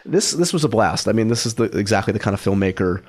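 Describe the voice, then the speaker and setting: A man's voice: fairly low pitch, expressive, quick pace. A man hosting a podcast, chatting enthusiastically with plenty of fillers. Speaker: podcast host. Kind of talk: casual podcast chat. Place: small office studio.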